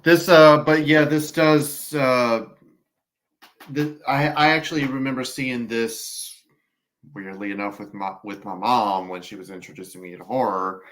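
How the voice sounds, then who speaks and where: A man chatting casually about a horror movie as podcast co-host, talking haltingly with many restarts. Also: mid-range voice, a bit bright.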